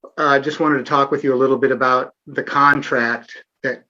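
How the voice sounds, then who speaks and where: A man's voice: medium pitch, little pitch movement, normal speed, pushed and bright, lo-fi sound. A middle-aged man hosting a live online Q&A, talking earnestly with sarcastic asides and frequent fillers. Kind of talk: casual livestream interview.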